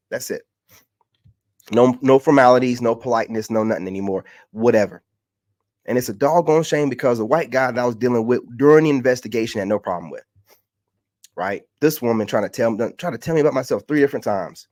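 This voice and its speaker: Man, mid-pitched, fed-up vlog rant, mocking tone, dry close sound. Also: a little fast, a little mellow, dry recording. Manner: exasperated, ranting, mocking. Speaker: content creator.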